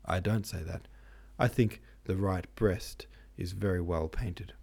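Dramatic young art student, emphatic, low creaky voice, read by a man. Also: fairly even intonation, unhurried, a little mellow, heavily acted. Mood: argumentative. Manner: assertive, emphatic.

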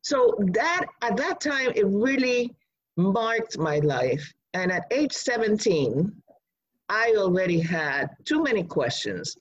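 A woman from Rico, telling a personal story in an animated, emphatic way. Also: medium pitch, lo-fi sound. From Puerto Rico.

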